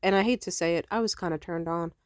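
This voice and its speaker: A woman's voice: on the low side, quick pace, no echo. A young adult woman telling a personal story in a casual, rambling way, blunt and heavy on profanity. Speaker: vlogger.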